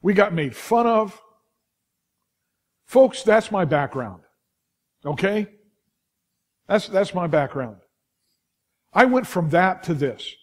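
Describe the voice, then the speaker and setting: A middle-aged man with a Californian accent, preaching a sermon in a lively storytelling way, full of restarts and asides to the congregation. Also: sits high. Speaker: pastor.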